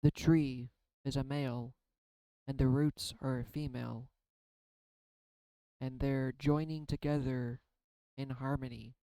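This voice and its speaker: A man's voice: medium pitch, fairly even intonation, slow pace, pauses often, warm tone, no room sound, low-quality recording. A man rambling through a spiritual card reading in a casual, confessional vlog, often self-deprecating. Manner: tearful at times. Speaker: tarot card reader.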